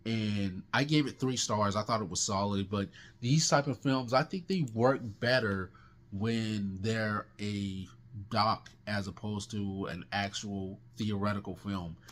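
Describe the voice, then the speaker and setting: A man's voice: on the low side, a little slow, fairly bright tone. A man casually reviewing the movies he watched last month, rambling with lots of restarts and fillers. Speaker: film reviewer.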